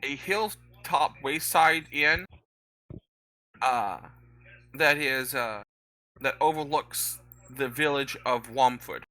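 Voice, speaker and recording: A man's voice: mid-range voice, slow, long pauses, sharp tone, low-quality recording. A young man running a tabletop game as dungeon master, hesitant with lots of fillers.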